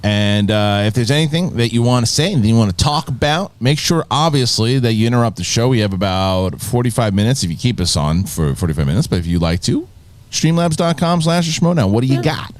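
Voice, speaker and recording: A man's voice: medium pitch, a little fast, no echo. A young adult man hosting a casual panel chat, telling stories with playful mimicry. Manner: animated storyteller, playful mimicry. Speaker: host.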